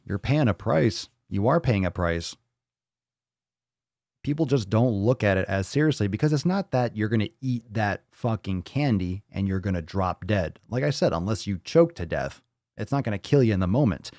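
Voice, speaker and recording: A man with a low voice hosts a casual livestream, talking bluntly in a loose, rambling way and swearing freely. The sound is close and dry, with no room around it. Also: a little mellow, no echo. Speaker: livestream host.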